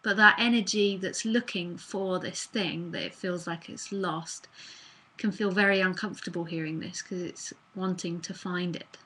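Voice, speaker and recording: A woman's voice: lowish voice, steady tone, moderate pace, bright, forceful tone, husky, poor audio. A woman speaking as a spiritual teacher in a live online talk, earnest and casual, with fillers and the odd swear word, into a computer mic.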